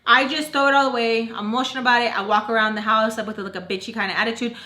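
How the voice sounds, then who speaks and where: A young woman telling a casual storytime, animated and blunt, swearing and dropping in Spanish. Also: fairly high pitch, racing. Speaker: vlogger telling a nanny story.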